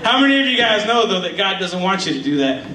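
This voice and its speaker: A man's voice: high-pitched, big pitch swings, quick pace, crowd noise. A young man doing stand-up comedy in a church hall, rambling and self-deprecating, laughing at his own jokes and running out of breath. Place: church hall with live audience. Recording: echoey hall, mic heard from far off, audience noise.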